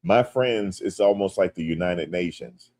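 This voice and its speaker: A low-voiced man from the United States talks casually on a livestream. He reads the chat aloud and answers with playful jokes. When viewers tease him, he turns loud and animated. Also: a little slow. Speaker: livestream host.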